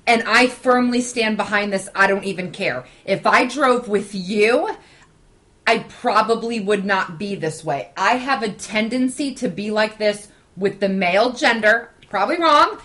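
A woman's voice: medium pitch, a little slow, a bit bright. A woman in her forties in casual chat, defensive and emphatic.

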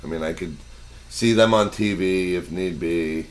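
A man's voice: low-pitched, a little slow. A man co-hosting a casual podcast chat, joking and teasing in a mock-indignant way. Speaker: podcast co-host.

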